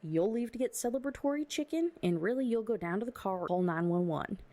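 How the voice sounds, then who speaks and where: A woman reading aloud as a tough, scheming older sister, slow and blunt with plenty of profanity. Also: mid-range voice, lively intonation, mellow, voice pushed up, natural voice.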